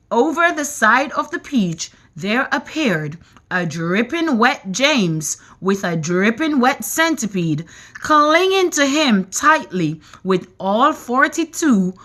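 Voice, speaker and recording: A woman reading a children's book aloud, expressive and animated. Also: mid-range voice. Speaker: reader.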